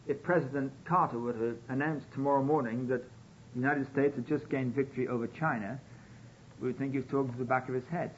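A man's voice: mid-range voice, a little hiss or hum. A man preaching a sermon, telling a story and acting out the quoted pleas, on a dull lo-fi radio broadcast.

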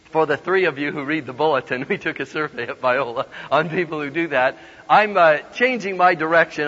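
Bright-voiced man preaching in a hall. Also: a little high. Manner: animated, laughs often, acts out quoted voices. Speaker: guest preacher. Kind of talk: humorous storytelling sermon. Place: large hall with an audience. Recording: dull lo-fi sound with long hall reverb.

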